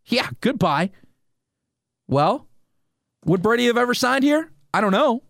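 A man's voice: very high voice, moderate pace, vocal fry, no echo, clean studio sound. A man hosting a solo sports podcast, ranting with rhetorical questions and talking straight to his listeners. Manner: animated, rhetorical, talks to listeners directly. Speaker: sports radio host.

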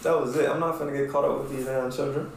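A man hosting a podcast, telling stories in casual chat in a profane, animated way and often asking "right?". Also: medium pitch, fast talker, noisy background. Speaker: podcast host. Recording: very echoey room.

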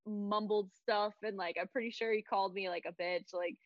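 A woman's voice: medium pitch, fairly even intonation, moderate pace, dry recording. Young woman chatting, says like a lot, kinda muffled dry sound. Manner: chatty, full of fillers. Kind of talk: casual chat.

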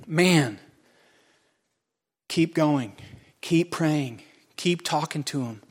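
A man in his forties preaching a sermon, folksy and joking with the congregation, swinging between loud exclamations and quiet asides. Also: a little high, drawn-out words, pauses often. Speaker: pastor.

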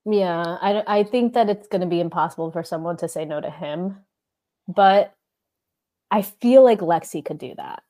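A woman's voice: on the low side, moderate pace, warm tone. Laid-back young woman co-host. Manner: laid-back, agreeing, says dude a lot. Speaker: podcast co-host. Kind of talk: casual chat.

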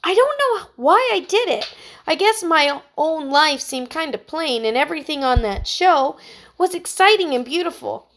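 A woman voicing a timid, sensitive young girl who speaks softly and hesitantly. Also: high voice, lively intonation, moderate pace, pitched above the performer's own voice. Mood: contrite. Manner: soft, hesitant, contrite.

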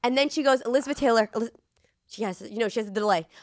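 A woman's voice: a little high, quick pace. A woman hosting a podcast, telling a story in casual, playful chat. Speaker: podcast host.

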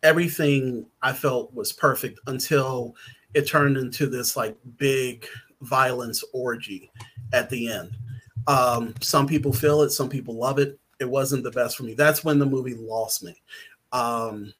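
A man's voice: medium pitch, fairly even intonation, unhurried, fairly bright tone, husky. A man, a writer guest on a podcast, talking casually in a rambling, hesitant way with many fillers and restarts.

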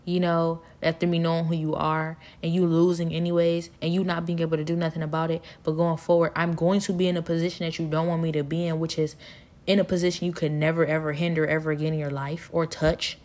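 A woman, talking in a rambling, animated personal monologue, laughing often and sometimes dropping to a near-whisper. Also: sits low, quick pace.

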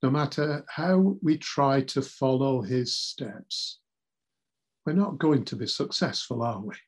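A man preaching a sermon in a measured, earnest way, reading scripture aloud. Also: medium pitch, husky.

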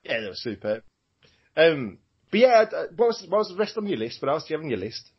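A man trades jokes in casual podcast banter, laughing often and swearing freely, his pitch lively and a touch high. His voice is a little husky, and the recording sounds dull. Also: fast. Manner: giggly, sweary, does silly voices. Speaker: podcast co-host.

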